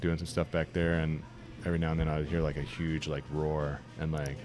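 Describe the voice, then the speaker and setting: A young man with a very deep voice chats casually about his work as a brewer. He rambles, pads his sentences with fillers and throws in the odd deadpan joke. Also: fairly quick, faint music behind. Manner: relaxed, rambling with many fillers and jokes. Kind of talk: casual chat.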